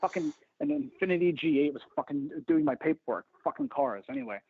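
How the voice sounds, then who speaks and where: A man's voice: on the high side, expressive, a little fast, vocal fry, breathy edge, dry recording. A man telling jokey, profane, rambling stories as a guest on a casual podcast. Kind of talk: casual chat. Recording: phone-line sound.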